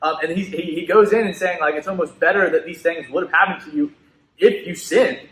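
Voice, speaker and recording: A man's voice: on the high side, brisk, fairly bright tone. A man co-presenting a student ministry Bible lesson, talking casually and hesitantly, with lots of "like" and restarts. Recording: echoey room.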